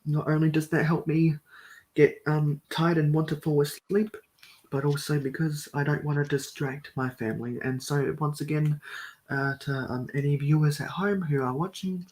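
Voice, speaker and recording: A man hosting a live stream at home, talking through a build in a soft, mellow monotone. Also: on the high side, slight background noise, poor audio.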